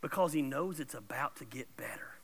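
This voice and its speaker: A man preaching a sermon as pastor, blunt and informal, swinging between loud emphatic bursts and soft asides. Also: medium pitch, lively intonation, fairly quick, vocal fry, breathy edge. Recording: long reverb of a large hall.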